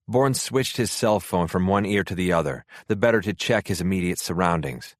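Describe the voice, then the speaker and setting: A man reading a thriller audiobook in steady, expressive narration. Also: low-pitched, normal speed, hardly any pauses, no echo, clean studio sound.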